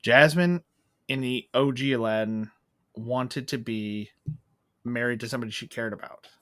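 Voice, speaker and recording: A man co-hosting a casual movie review, talking at length in a loose, animated way. His voice sits in a middle range and is recorded dry and close, with no room sound. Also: mid-range voice, moderate pace, no room sound. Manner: rambling, animated, acts out quotes. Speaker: podcast co-host.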